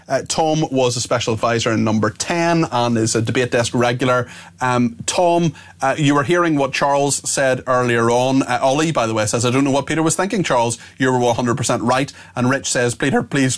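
A man hosting an evening talk radio show, mid-pitched and conversational. He reads listener messages aloud with wry asides and plenty of ums and uhs. His manner is easygoing and a little teasing. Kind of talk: live talk radio, reading texts and chatting with a guest.

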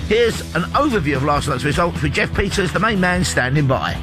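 A man's voice: fairly high pitch, expressive, fairly quick. Playful male sports radio host. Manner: playful, teasing. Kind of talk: radio sports show hosting. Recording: music bed under the voice.

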